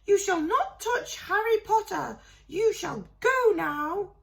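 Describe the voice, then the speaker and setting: Dobby, a shrill elf. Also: female voice, lively intonation, slow pace, vocal fry, heavily acted. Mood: fierce. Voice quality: shrill, squeaky. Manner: earnest, emphatic, speaks of himself by name. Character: small shrill house-elf, fiercely loyal. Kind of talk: storybook reading.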